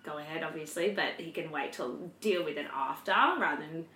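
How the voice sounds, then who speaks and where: A young woman talks through personal stories in a candid, chatty way, swearing freely and leaning on fillers. Her voice is bright and sits a little low. The room around her rings with echo. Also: fairly quick, a little hiss or hum. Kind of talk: casual personal chat.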